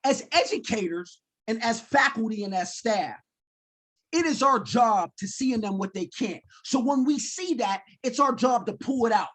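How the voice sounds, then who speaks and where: Husky animated storytelling man. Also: very high-pitched, moderate pace. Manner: animated storyteller, acts out his own quotes. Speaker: keynote speaker. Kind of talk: storytelling talk.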